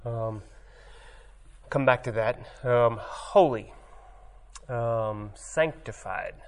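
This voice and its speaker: A pastor preaching a sermon, reading scripture emphatically, then commenting in a looser way with hesitations. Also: male voice, medium pitch, drawn-out words, a little hiss or hum.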